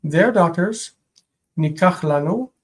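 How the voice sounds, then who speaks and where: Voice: medium pitch, animated, rough recording. A Biblical Hebrew teacher on a live-streamed homework review, translating phrase by phrase and correcting small slips along the way. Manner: slow, deliberate phrase-by-phrase translating with self-corrections.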